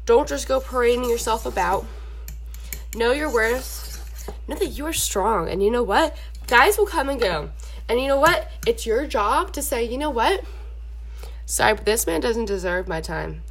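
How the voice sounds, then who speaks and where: A young woman with a slightly high voice talks straight to her listeners in a casual podcast, part pep talk and part sermon. She rambles and keeps checking in with "okay?" between her points. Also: animated, a little slow, slight background noise. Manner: chatty, preachy, rambling with frequent "okay?" asides. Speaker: podcast host. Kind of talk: casual faith advice talk.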